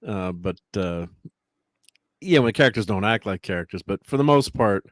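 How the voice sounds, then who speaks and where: A man's voice: lowish voice, lively intonation, moderate pace, no room sound, studio quality. A man in casual chat as a podcast co-host, rambling and laughing often.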